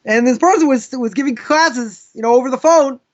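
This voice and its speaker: Chatty rabbi telling a story in class. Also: male voice, very high-pitched, a little fast, muffled recording. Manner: casual, animated, with frequent asides. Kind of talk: live lesson with storytelling.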